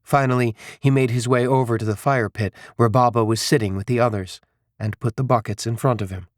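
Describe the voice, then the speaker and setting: A man narrates an audiobook in a steady, even storytelling voice. His pitch sits in the middle for a man. He is recorded close with a dry sound and no room around it. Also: fairly quick, no room sound. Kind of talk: scripted narration.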